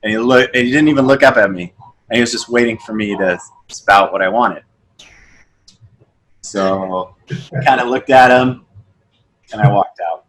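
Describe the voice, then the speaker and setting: A man's voice: normal speed, long pauses, rough recording. A young man guest on a podcast, casually telling stories and acting out the dialogue in them. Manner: storytelling, acts out dialogue with lively pitch jumps. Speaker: podcast guest, sales coach. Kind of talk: casual conversation.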